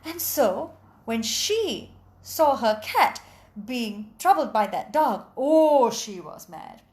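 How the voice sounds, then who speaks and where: A woman telling a folk tale aloud in an animated, expressive way, adding sound effects. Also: sits high, takes it slowly. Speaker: storyteller. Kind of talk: oral storytelling.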